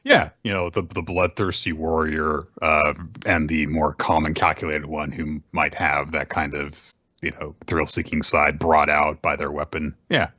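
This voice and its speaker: A man's voice: extremely low pitch, a little slow, hardly any pauses, dry recording, muffled recording. A man hosting a podcast, casually and animatedly recapping a manga chapter. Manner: animated retelling, drops into character voices. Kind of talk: casual chat.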